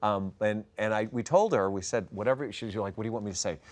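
A man's voice: lowish voice, fast, darkish tone. A man hosting a daytime talk show, chatting playfully with guests and laughing a lot. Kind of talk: casual chat. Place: TV studio.

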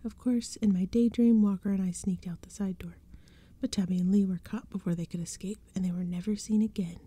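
A woman reading a spooky storybook in a soft-spoken ASMR style. Her narration is hushed and gentle, with a breathy, dark and mellow voice. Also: medium pitch, steady tone, a little fast.

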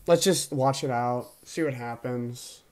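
A young man, the host, giving casual game commentary, excitable and swinging from mumbling to loud outbursts. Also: mid-range voice, unhurried. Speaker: video host and league player.

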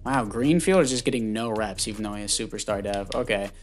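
A man giving casual commentary on a football video game, chatty and thinking out loud, often stumbling over names and correcting himself. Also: on the low side, quick pace, faint music behind. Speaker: gaming YouTuber.

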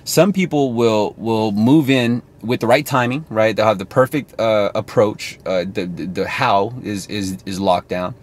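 A man with a lowish voice talks casually to camera, coaching viewers on sales. He is chatty and thinks aloud as he goes. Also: measured pace, hardly any pauses.

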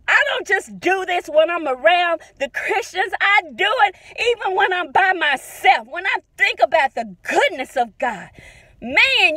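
A woman in her forties pours out impromptu praise in a fervent preaching voice, often breaking into shouts. Her voice is high, bright and lively, swooping up and down. She records on a phone in a parked car, close and dry. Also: dry recording.

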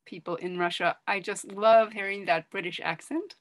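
A woman's voice: mid-range voice, steady tone, moderate pace, no room sound. A woman speaking as a guest on a video call, chatty and enthusiastic, rambling a little as she talks. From United States. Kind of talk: casual chat on a video call.

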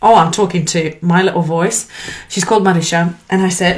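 Woman, 30s, life coach, earnest, encouraging, lively pitch swings, motivational talk. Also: a little fast.

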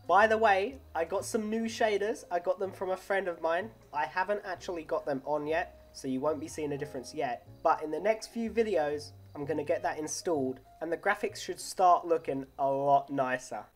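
A man's voice: on the high side, normal speed, few pauses, faint music behind. A man who makes gaming videos, chatting casually and joking around during role-play. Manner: joking, laughs often. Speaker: gaming YouTuber.

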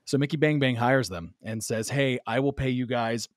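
A man telling a long story in casual podcast chat, animated and laughing as he acts out the quoted lines. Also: mid-range voice, normal speed, dry recording, clean studio sound.

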